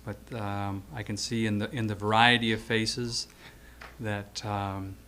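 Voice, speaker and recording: A man's voice: fairly low pitch, little pitch movement, measured pace, pushed and bright, a little hiss or hum. A man around seventy reading a prepared eulogy for an old friend, hesitant at first and then telling stories with acted-out quotes.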